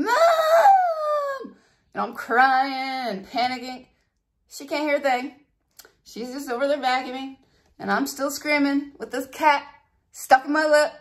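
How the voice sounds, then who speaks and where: A woman beauty vlogger telling stories and walking through a hair tutorial in a chatty, animated way. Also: sits high. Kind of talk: casual storytelling and hair tutorial.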